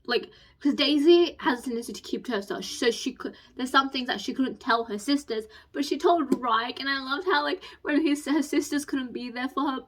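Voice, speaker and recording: This is a young woman in a casual book review rant. She is bright and forceful, with a slightly raised pitch. She keeps gushing and speeding up, and she turns squeaky whenever she gets excited. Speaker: book vlogger.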